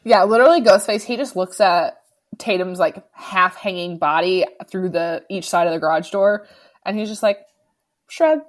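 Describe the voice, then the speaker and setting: A woman's voice: lowish voice, moderate pace. A woman co-hosting a podcast, eagerly retelling a horror film scene in casual chat. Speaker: podcast co-host.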